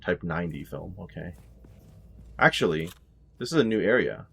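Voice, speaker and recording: A man's voice: deep voice, lively intonation, moderate pace, vocal fry, noisy background. A man giving let's play commentary on a horror game, wry and talking back to the enemies as he plays. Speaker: gameplay commentator. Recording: game music playing behind. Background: game music.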